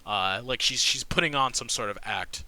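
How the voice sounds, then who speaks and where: A man narrating a tabletop game as game master, halting, with many fillers and restarts. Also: mid-range voice, bright, forceful tone.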